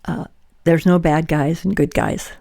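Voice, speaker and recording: An older woman hosting a candid podcast, talking earnestly in a halting way with frequent restarts. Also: deep voice, gravelly, dark tone. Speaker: podcast host.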